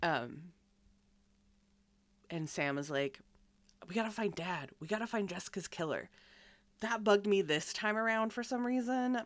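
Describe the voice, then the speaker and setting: A young woman co-hosting a casual podcast chat, riffing in an animated, exasperated, profane way. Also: mid-range voice, a little slow, long pauses, no room sound. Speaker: podcast co-host.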